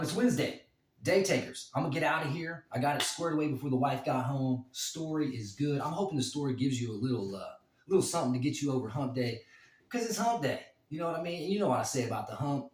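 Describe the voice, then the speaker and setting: Rambling man telling a story, roomy and distant. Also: mid-range voice. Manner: rambling, crude humor, many fillers. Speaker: vlogger, former bouncer. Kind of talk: casual storytelling.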